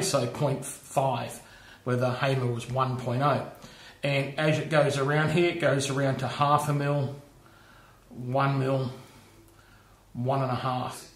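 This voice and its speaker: Man chatting in an echoey workshop. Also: medium pitch. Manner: chatty, checks in with okay and all right. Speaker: machinist showing tools. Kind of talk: casual workshop demonstration. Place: home workshop.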